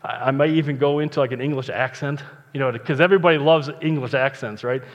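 A man's voice: medium pitch, fast talker. A man preaching a casual sermon as pastor, chatty and joking between Bible readings. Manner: chatty, joking asides, conversational. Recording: long reverb, dull lo-fi sound.

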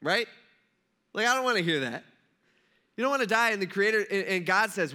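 Bright, high-voiced preaching man. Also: animated, brisk, long pauses. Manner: conversational, acts out quoted voices. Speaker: pastor. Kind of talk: sermon.

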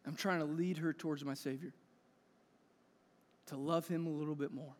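A man's voice: on the high side, steady tone, moderate pace. A man preaching a sermon as a pastor in a church hall. He talks in an earnest, conversational way and builds to emphatic peaks. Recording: echoey hall reverb.

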